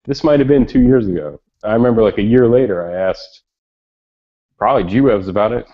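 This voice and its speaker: A man telling a story in a casual chat, animated and swearing freely. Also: fairly low pitch, fairly quick. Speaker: chat participant. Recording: lo-fi online voice chat.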